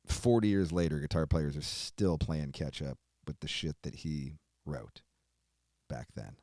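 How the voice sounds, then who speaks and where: A man hosting a show, giving an emotional tribute while on the verge of tears, swearing often and trailing off quietly. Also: extremely low pitch, lively intonation, a little slow, no echo, studio quality. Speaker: host.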